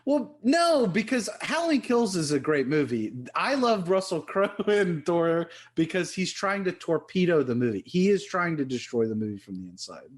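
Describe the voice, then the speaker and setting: A man's voice: sits high, very animated, moderate pace, hardly any pauses. A man, a writer co-hosting a podcast, rambling in casual chat and giggling as he corrects himself.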